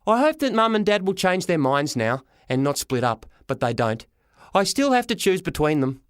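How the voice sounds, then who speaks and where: Man reading a lively storybook. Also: a little high, normal speed, smooth, no room sound, clean studio sound. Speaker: audiobook reader. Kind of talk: storybook narration in a boy's first person.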